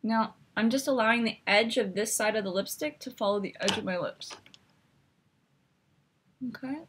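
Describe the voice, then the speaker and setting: A woman's voice: on the high side, moderate pace, a bit bright, a little hiss or hum. A woman hosting a makeup tutorial, chatty and instructive as she talks through each step while demonstrating.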